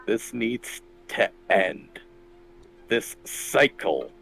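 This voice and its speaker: A man softly voicing an earnest grieving hero. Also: lowish voice, big pitch swings, very slow, creaky, faint music behind, full character voice, poor audio. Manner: soft, hushed, earnest.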